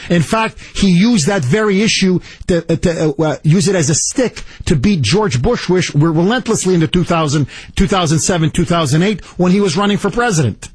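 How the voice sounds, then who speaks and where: A man's voice: high-pitched, lively intonation, a little fast, hardly any pauses, breathy edge, dry recording. A man hosting a talk radio show, ranting in a combative, sarcastic way into a studio microphone. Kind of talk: political talk radio monologue.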